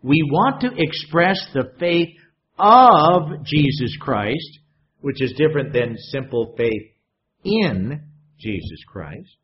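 Lively, chatty male preacher on a muffled recording. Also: mid-range voice, slow. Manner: conversational, asks the congregation questions. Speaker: pastor. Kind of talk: sermon. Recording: dull lo-fi sound.

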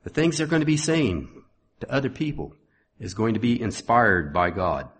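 A man's voice: mid-range voice, big pitch swings, moderate pace, breathy edge. A middle-aged man preaching a sermon, reading scripture with rising force and breaking into folksy asides.

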